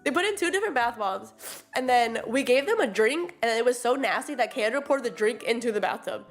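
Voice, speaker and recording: A young woman streamer with a slightly high voice tells lively, animated stories, putting on little voices for quotes and laughing often. Faint music plays behind her chat. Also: a little fast. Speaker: VTuber streamer. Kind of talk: casual chat with friends on stream.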